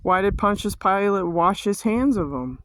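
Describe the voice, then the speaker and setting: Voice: mid-range voice, animated, moderate pace, background noise. A vlogger delivering a profane, rambling conspiracy rant to camera, firing off repeated rhetorical questions and stumbling over restarts. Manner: ranting, repetitive rhetorical questions, heavy swearing.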